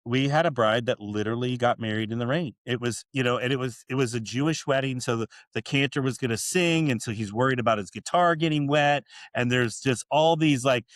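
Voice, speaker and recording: A man hosts a podcast and tells stories in a relaxed, rambling way. His voice sits at a middle pitch. The sound is close and dry. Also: fairly quick, few pauses, no room sound. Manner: relaxed storyteller, many fillers. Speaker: podcast host. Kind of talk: casual podcast chat.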